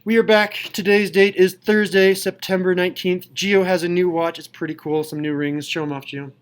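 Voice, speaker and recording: A young man teaching a high school math class in a classroom, playful and jokey in manner. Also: fairly even intonation, moderate pace, rough recording. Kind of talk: classroom lecture.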